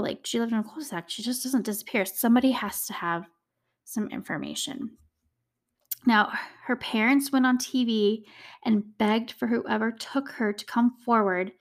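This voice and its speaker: A young woman hosting a true crime podcast, telling the case in a chatty, casual way with emotional asides and many "like"s. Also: medium pitch. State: choked up, tearing. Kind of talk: casual storytelling.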